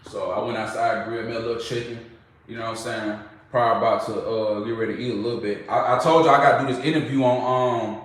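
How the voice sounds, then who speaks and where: A young vlogger with a drawl chats casually to his viewers, telling stories in a loose, slangy, animated way. His medium-pitched voice moves fast, and because he sits far from the mic, a very echoey room rings around it.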